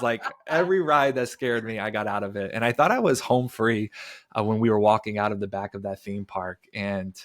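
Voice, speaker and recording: A man in his thirties, a podcast guest, telling a personal story in an earnest, animated way with casual fillers. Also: on the low side, brisk.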